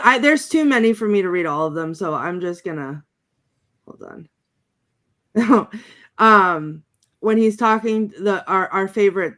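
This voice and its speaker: A woman's voice: lowish voice, fairly bright tone. A woman on a film review panel, chatting casually, rambling and giggly, with lots of ums and restarts as she hunts for her favorite lines. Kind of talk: casual group chat about a film.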